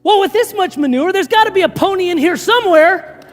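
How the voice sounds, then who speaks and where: A man preaching a sermon, voicing a bright, upbeat little boy who speaks in a high, eager way. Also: animated, brisk, long reverb tail, soft background music. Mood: delighted.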